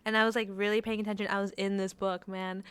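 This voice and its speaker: Smooth-voiced young woman telling stories. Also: mid-range voice, little pitch movement, quick pace, a bit bright, no echo. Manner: storytelling, laughs often, swears casually. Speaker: podcast co-host. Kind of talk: casual chat.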